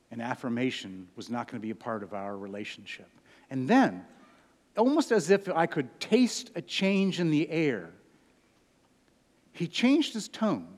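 A pastor in his sixties preaching a sermon, swinging from loud emphatic peaks down to hushed low phrases. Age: 60s. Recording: hall reverb.

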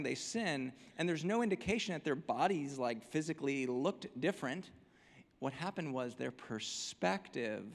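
A man's voice: medium pitch, creaky, long reverb tail. A male pastor preaching a sermon, emphatic and full of repeated rhetorical questions.

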